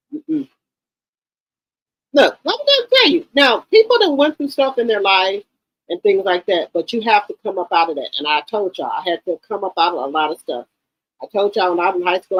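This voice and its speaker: A woman's voice: on the low side, dry recording, lo-fi sound. A woman in her fifties giving blunt, emphatic livestream commentary and often repeating her words. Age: 50s. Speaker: livestream host.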